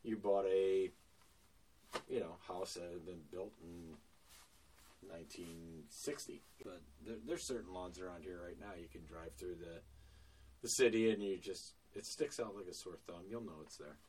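A man talks shop on a podcast in a deep, unhurried voice. He's plain-spoken, with lots of ums and restarts. His voice sits slightly away from the microphone. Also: far from the mic, slight background noise. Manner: relaxed, plain-spoken, many fillers. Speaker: lawn care business owner. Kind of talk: casual podcast conversation.

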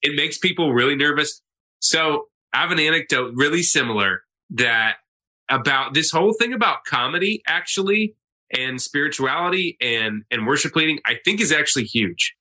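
A man's voice: on the high side, expressive, moderate pace, sharp tone. A man who is a pastor, telling a story in a casual, earnest conversation.

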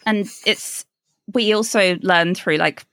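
Chatty woman with a gravelly edge. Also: mid-range voice, slow pace, dry recording, studio quality. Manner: chatty, laughs often, animated asides. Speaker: podcast co-host. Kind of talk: casual book discussion.

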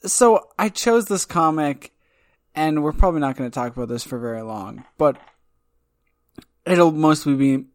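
Teasing man with a higher voice. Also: expressive, moderate pace, long pauses, no room sound. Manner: teasing, playful. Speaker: podcast co-host. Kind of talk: casual chat.

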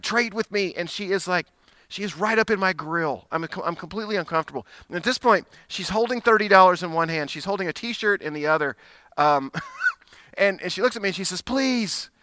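A middle-aged pastor with a bright, forward voice, pitched a little high for a man. He preaches in an easy, storytelling way and laughs at himself. The sound is close and dry. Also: no room sound. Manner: conversational storytelling, self-deprecating, frequent restarts. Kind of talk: sermon with personal story.

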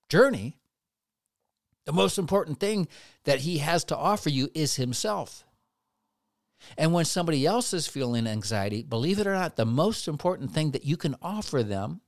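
A man giving an earnest, reassuring devotional teaching about faith to the camera, in a measured way. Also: fairly high pitch, no room sound, clean studio sound. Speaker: Christian speaker.

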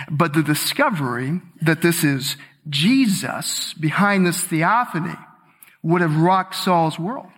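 High-voiced slow preacher in echoing hall. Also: male voice, fairly bright tone. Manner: emphatic, repeats key words for weight. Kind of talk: sermon.

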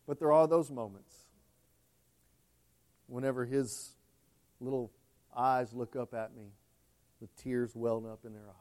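A pastor preaching a sermon with passion, swinging between hushed, tender passages and loud, emphatic ones. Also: male voice, medium pitch, fairly even intonation, a little slow, long pauses.

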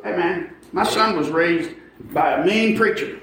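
A man's voice: sits high, unhurried. A middle-aged man preaching a sermon in a church, folksy and emphatic, often asking his congregation for an amen. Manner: folksy, emphatic, calls for amens. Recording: echoey hall from far off, noisy.

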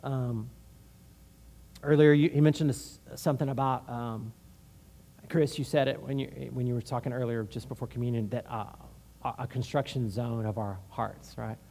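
A man's voice: mid-range voice, darkish tone. A man from Houston, a pastor, preaching a conversational sermon full of personal stories and frequent "right?". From Houston, Texas.

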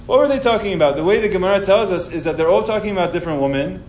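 A man teaching an informal scripture class, telling the story with animated sarcasm. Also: high voice, rapid-fire, reverberant, slight background noise, rough recording.

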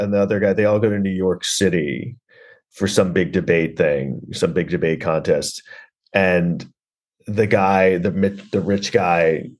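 A man hosting a podcast, recapping a film in a rambling, sarcastic way, full of fillers and swearing. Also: low voice. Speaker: podcast host reviewing a film.

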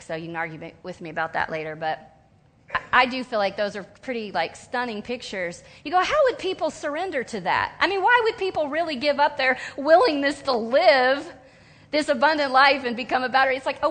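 A woman preaching a sermon in an animated way, acting out whiny voices and sobs now and then. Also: high-pitched. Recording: long hall reverb.

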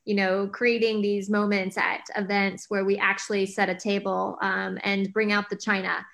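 A woman's voice: medium pitch, level tone, normal speed, creaky, a bit bright. A woman guest on a podcast, talking earnestly about her projects with many fillers and restarts. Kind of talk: conversational interview talk.

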